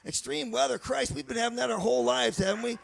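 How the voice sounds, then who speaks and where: A man's voice: very high voice, quick pace, vocal fry. A middle-aged man with a Boston accent doing a rambling, chatty stand-up comedy set, swearing now and then. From Michigan. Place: outdoor farm stage before a live crowd.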